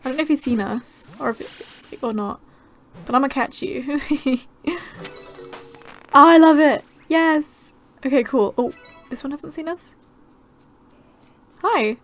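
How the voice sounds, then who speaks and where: A young woman giving casual, excitable gameplay commentary, gasping and chattering to the creatures on screen. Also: sits high, unhurried, pauses often, soft background music. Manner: bubbly, gasping, easily excited. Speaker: gaming channel host.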